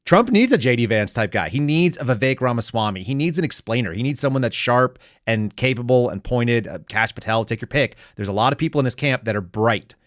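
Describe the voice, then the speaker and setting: An opinionated middle-aged man hosts a casual podcast, joking as he goes. His voice sits at an ordinary pitch and is recorded close and dry, with no room echo. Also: expressive. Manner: opinionated, joking, does quick mocking voices. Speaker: podcast host. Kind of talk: casual political commentary.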